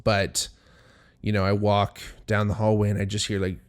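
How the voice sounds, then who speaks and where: A man's voice: lowish voice, monotone, normal speed. A young man hosting a podcast, telling a story in a rambling, profane, worked-up way. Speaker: podcast host. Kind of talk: casual storytelling monologue.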